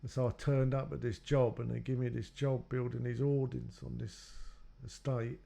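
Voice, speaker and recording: A man's voice: medium pitch, level tone, moderate pace, vocal fry, mellow. A man telling his own life story in a loose, rambling way, acting out what others said to him. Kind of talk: personal storytelling.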